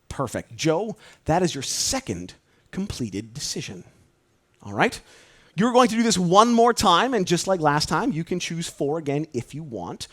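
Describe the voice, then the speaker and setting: High-voiced energetic stage mentalist man. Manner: energetic, rapid number-calling to an audience. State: out of breath. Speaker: mentalist performer. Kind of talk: live stage show patter. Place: cruise ship show venue.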